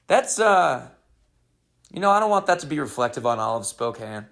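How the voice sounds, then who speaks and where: A man with a gravelly, mid-range voice tells a loose, rambling story on his comedy podcast. His delivery is deadpan, with crude jokes. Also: mid-range voice, fairly quick. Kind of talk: casual storytelling monologue.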